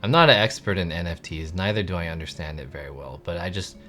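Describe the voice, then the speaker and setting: Low-voiced rambling male streamer. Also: fast talker, pushed and bright, faint music behind. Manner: rambling, heavy on "like" fillers. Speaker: live streamer. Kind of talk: casual chat with viewers.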